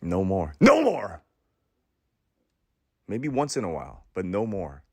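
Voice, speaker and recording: A man who is a podcast host, delivering a preachy motivational monologue in a sermon-like cadence, with dramatic pauses, repeated phrases and stammering restarts. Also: low-pitched, big pitch swings, warm tone, no echo.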